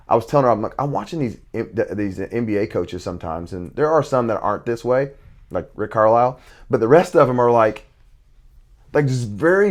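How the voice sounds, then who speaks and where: A middle-aged man, a basketball coach and father, talking intensely in casual conversation with many restarts. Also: medium pitch.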